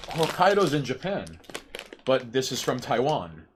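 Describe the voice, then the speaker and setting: A man's voice: medium pitch, big pitch swings, measured pace, noisy background. A man co-hosting a casual chat show. He rambles and stumbles over his words. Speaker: podcast co-host.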